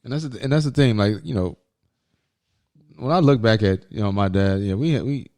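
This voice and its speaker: A young man co-hosting a podcast, talking in a relaxed, slangy way. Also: lowish voice, brisk. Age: young adult. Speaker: podcast co-host. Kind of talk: casual chat.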